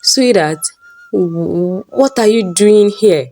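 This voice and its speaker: A woman's voice: medium pitch, slow pace, mellow, pitched above the performer's own voice. A woman voicing a scheming middle-aged male lecturer who talks smugly and turns to stammering. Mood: panicked. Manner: smug, then panicky and stammering.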